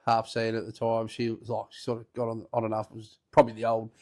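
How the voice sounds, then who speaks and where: A man's voice: on the low side, completely flat delivery, fast talker, darkish tone. A man with an Australian accent, hosting a podcast and telling a rambling, swear-filled story in a casual way, often breaking into laughter. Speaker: podcast host.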